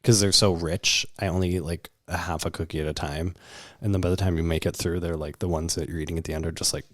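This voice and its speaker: A man co-hosting a podcast in casual chat, animated and quick to react and laugh. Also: deep voice, dry recording, clean studio sound. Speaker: podcast co-host.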